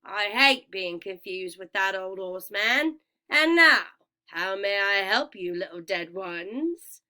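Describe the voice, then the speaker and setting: A woman voicing a smooth, cold and greedy male ferryman of the dead, with a vaguely British accent and a slow, sweetly menacing drawl. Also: mid-range voice, animated, bright, forceful tone, exaggerated voice. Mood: condescending.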